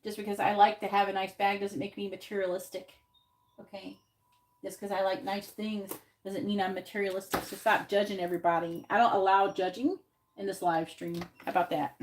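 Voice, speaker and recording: A woman's voice: mid-range voice, little pitch movement, a little fast. A woman doing a live tarot reading who talks bluntly and swears freely, repeating her questions again and again as she shuffles. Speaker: tarot reader. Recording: loud background noise on a live stream.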